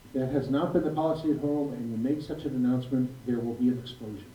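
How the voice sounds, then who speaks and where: A man's voice: medium pitch, quick pace, highs cut off. A man in his sixties, a physician giving a prepared talk to a live audience, speaking emphatically and repeating key phrases for weight. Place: school hall. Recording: roomy, distant mic with faint noise.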